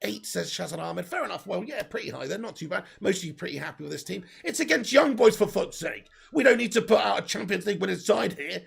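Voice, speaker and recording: A man with a sore throat, hosting a live football watch-along and reading out viewer comments in an excitable way. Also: high voice, fast talker, vocal fry, hardly any pauses, breathy edge. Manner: excitable, swears, bursts into cheers.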